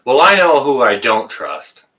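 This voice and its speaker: A man chatting casually on a livestream, his voice swinging up and down as he rants and then calms to apologize. His tone is bright and sharp. He sits a little back from the microphone. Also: mid-range voice, unhurried, far from the mic. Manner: ranting, gets worked up then apologizes. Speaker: livestream host reading viewer comments.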